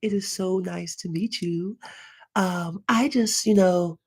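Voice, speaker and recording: A man doing an impression of a soft-spoken male pop star in a breathy, whispery falsetto with a dainty, gentle manner. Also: slow, heavily acted.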